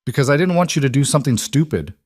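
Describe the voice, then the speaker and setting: A man voicing a sharp, urgent woman combat trainer in an audio crime story, giving warnings. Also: medium pitch, animated, quick pace, slightly rough, dry recording, clean studio sound, pitched above the performer's own voice.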